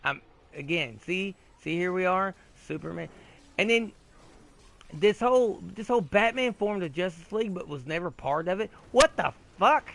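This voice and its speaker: A man hosting a gaming video, ranting in a rambling, profane, excitable way with frequent restarts while he plays. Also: sits high, moderate pace, slight background noise. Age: adult, old enough to remember 80s cartoons. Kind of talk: casual rant while playing a game.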